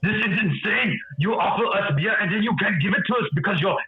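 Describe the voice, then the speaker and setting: A man voicing a huge, impatient and hot-tempered male Goliath barbarian in a tabletop game, demanding his drink loudly. Dull lo-fi audio. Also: high voice, fairly quick, echoey room, background noise, voice pushed up, close to an everyday voice. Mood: agitated. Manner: loud demanding complaints.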